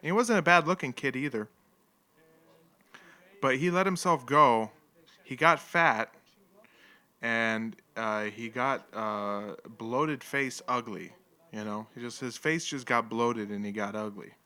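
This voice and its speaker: A man's voice: medium pitch, slow pace, pauses often, bright, forceful tone, clear, resonant tone. A man hosting a live stream, casually commenting on an old fight with jokes, rambling asides and frequent laughter. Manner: rambling, joking, laughs often. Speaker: livestream host.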